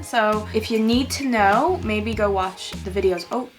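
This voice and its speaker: A woman's voice: mid-range voice, measured pace, over music. A woman reading a werewolf romance aloud, breaking off to joke, giggle and swear about it. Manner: giggly, exaggerated, swears often. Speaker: story reader. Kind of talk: casual read-aloud with joking commentary.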